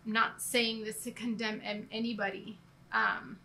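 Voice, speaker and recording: A woman's voice: a little high, level tone, moderate pace, vocal fry, bright, forceful tone, slight background noise. A woman giving a casual, earnest church talk, rambling with restarts and laughing at herself now and then. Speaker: church co-leader. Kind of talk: conversational church teaching.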